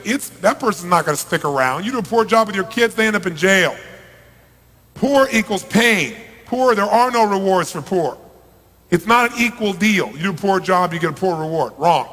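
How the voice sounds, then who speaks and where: A middle-aged man gives a live motivational talk in a high voice. He swings between hushed, intimate lines and loud, emphatic outbursts. A long hall reverb trails every phrase. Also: lively intonation, normal speed. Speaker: motivational speaker. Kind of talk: live seminar talk to an audience. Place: large event hall.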